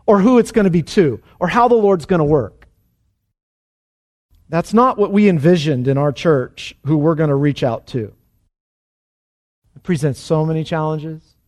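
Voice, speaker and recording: A man's voice: fairly high pitch, a little mellow. A man preaching a sermon as a pastor, asking the congregation rhetorical questions and voicing quotes with emphatic shifts.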